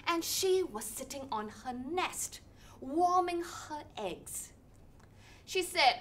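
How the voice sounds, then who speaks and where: A woman leading an interactive children's storytelling session, animated and sing-song, with playful sound effects. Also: high-pitched, slow pace. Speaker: storytelling workshop leader.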